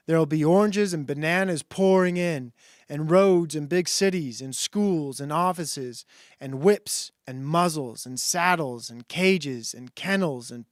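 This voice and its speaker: A scornful, bullying male ape from a storybook, talking down to everyone in a slow, sneering drawl, as a man reads him aloud. He sits a bit higher and louder than an everyday voice, pushy and domineering, and the sound is close and dry. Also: no room sound, natural voice.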